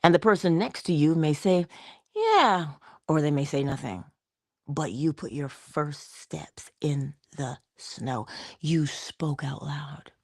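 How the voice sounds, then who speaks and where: A woman with a low, husky voice talks her listener through a motivational lesson in a coaching, conversational way. She drops into soft whispers now and then to press a point. The sound is dry and close. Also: measured pace, no room sound. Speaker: inspirational speaker. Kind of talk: motivational talk.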